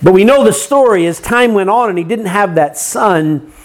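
A man's voice: sits high, expressive, normal speed. A man preaching a sermon, earnest, asking the congregation rhetorical questions and acting out their complaints.

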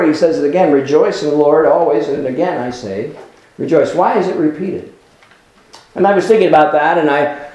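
A man preaching a sermon as a pastor, in an unhurried, earnest way, often restarting his sentences and filling pauses with "uh" and "you know". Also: on the high side. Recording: roomy echo.

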